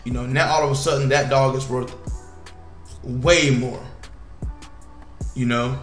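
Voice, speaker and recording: A man casually commenting while playing a video game, slangy and animated, with sudden loud outbursts. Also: medium pitch, a little slow, pauses often, roomy sound, faint music behind. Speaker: gaming YouTuber.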